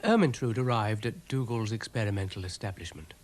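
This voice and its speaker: A man's voice: mid-range voice, lively intonation, normal speed, a little mellow. A man narrating a cartoon as a storyteller, in a dry, understated manner.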